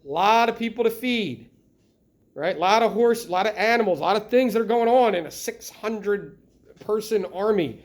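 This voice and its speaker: A middle-aged man with a high-pitched voice teaches a classroom history lesson at a normal speed. He's lively and keeps checking in with his students by asking them questions.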